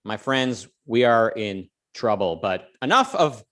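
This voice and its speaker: A man's voice: mid-range voice, expressive, measured pace, a bit bright. A man co-hosting a casual livestream, talking loosely and joking, with plenty of fillers and restarts. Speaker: co-host.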